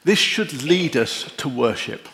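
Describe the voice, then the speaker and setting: A middle-aged man preaching a sermon and leading a prayer, gentle and reflective with long pauses. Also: medium pitch, expressive, creaky. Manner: emotional, easily moved.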